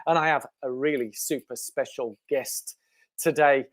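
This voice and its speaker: A man's voice: mid-range voice, fairly even intonation, a little slow, no room sound. An English man hosting a podcast, chatty and enthusiastic in a casual interview. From England. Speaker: podcast host.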